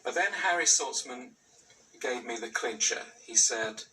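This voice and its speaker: A man in an interview recounting past events in a relaxed, storytelling way. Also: mid-range voice, measured pace, slight background noise. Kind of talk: interview recollection. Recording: distant archive interview with music.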